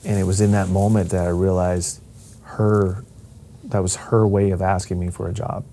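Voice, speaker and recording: A man's voice: low-pitched, flat delivery, moderate pace, dark tone, slight background noise. A middle-aged man telling a personal family story in a casual way, rambling with restarts and acting out the voices of the people he quotes.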